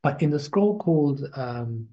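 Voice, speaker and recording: A man teaching a casual spoken lesson, slow and halting, repeating himself as he explains and chanting drawn-out syllables to show them. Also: fairly high pitch, expressive, warm tone. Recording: dull lo-fi recording.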